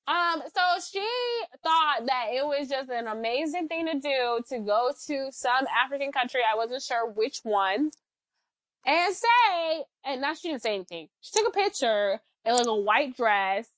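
A woman co-hosting a casual chat podcast, talking in an animated, ranting way with lots of fillers. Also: high voice, no echo, poor audio. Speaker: podcast co-host.

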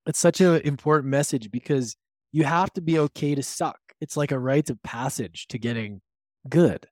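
A man's voice: on the high side, moderate pace, dry recording, clean studio sound. A man hosting a podcast, enthusiastic and affirming, asking his guest questions. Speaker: podcast host. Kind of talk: casual podcast conversation.

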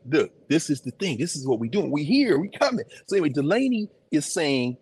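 A man hosting and lecturing informally in a museum, animated and preacherly, talking back to his listeners. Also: on the high side, quick pace, hardly any pauses, husky, dry recording. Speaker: host, professor. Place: museum, indoors.

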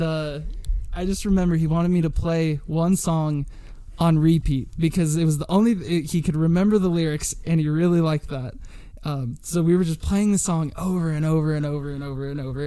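A man's voice: a little high, fairly even intonation, fairly quick, hardly any pauses, warm tone, clear, resonant tone, dry recording. A young man co-hosting a podcast, telling a story in a rambling casual way with repeated words and frequent laughs. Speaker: podcast co-host.

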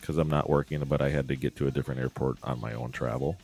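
A man's voice: very deep voice, fast, creaky, faint music behind. A man hosting a podcast, telling stories in a casual chat and laughing often. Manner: animated storytelling, laughs often. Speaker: podcast host. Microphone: studio podcast mic.

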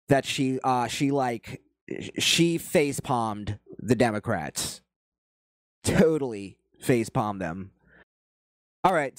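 A man talks through a video he is reacting to, in loose casual commentary that rambles and stops to restart. His voice sits at an ordinary middle pitch. The sound is dry and close, with no room around it. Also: no echo. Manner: rambling, halting, profane.

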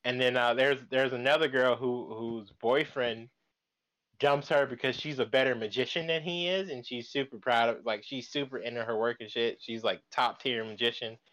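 A man's voice: mid-range voice, steady tone, moderate pace, fairly bright tone. A man co-hosting a podcast in casual chat, talking in a slangy, profane way. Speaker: podcast co-host.

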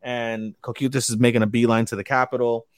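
A man's voice: mid-range voice, flat delivery, fairly quick, no room sound, clean studio sound. A man co-hosting a podcast in casual chat, rambling and swearing as he recaps an episode and hunts for names. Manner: rambling, profane, loses names mid-sentence. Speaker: podcast co-host.

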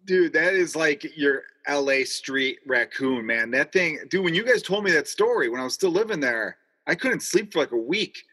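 A man's voice: on the high side, lively intonation, normal speed, few pauses, sharp tone, breathy edge. A man hosting a casual podcast chat, reacting in a laid-back way and swearing casually. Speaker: podcast host.

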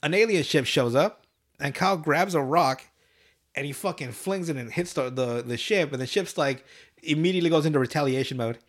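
A man's voice: fairly high pitch, a little fast. A man with a slightly raised voice chats loosely through a cartoon recap, his talk full of swearing. He laughs often as he retells each scene. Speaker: podcast host. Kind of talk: casual chat recapping a cartoon episode.

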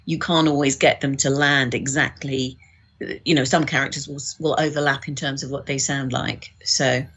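A woman's voice: extremely low pitch, little pitch movement, normal speed, a bit bright, husky. A woman, an audiobook director, explaining her work in a casual discussion with frequent restarts. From United Kingdom.

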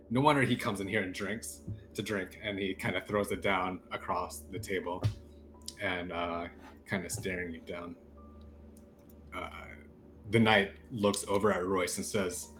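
Man, game master, low voice, loose laughing narration, faint music behind. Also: fairly even intonation, measured pace, a bit bright.

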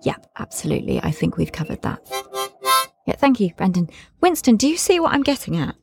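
A woman's voice: mid-range voice, very animated, brisk, creaky, mellow, faint music behind. A woman interviewing in a comedy sketch, exasperated and clipped, keeping up a strained politeness.

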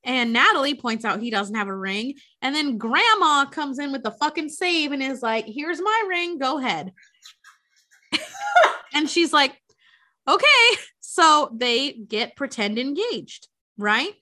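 Woman, casual podcast chat, bright tone, chatty, swearing, acting out quotes. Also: sits high. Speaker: podcast co-host recapping a film.

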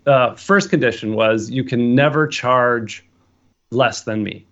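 Recounting his beginnings as a wedding photographer, a man slowly spins a lively anecdote and acts out the dialogue in it. His voice sits in the mid range, and the sound is lo-fi.

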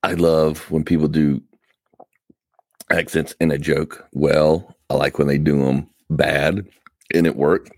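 A man's voice: rumbling low, flat delivery, slow, no room sound, clean studio sound. A tired man hosting a casual podcast, rambling and interrupting himself with wry asides. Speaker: podcast host. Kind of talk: casual chat. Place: Atlanta area.

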